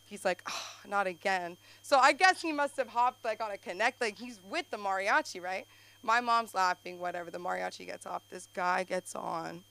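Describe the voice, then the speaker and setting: A woman's voice: mid-range voice, moderate pace, vocal fry, pushed and bright. A woman doing open-mic stand-up comedy on a club stage, talking into a handheld mic and rambling through her stories with lots of "like" fillers. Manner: rambling, breathless storytelling full of "like" fillers. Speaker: stand-up comic. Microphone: handheld stage microphone.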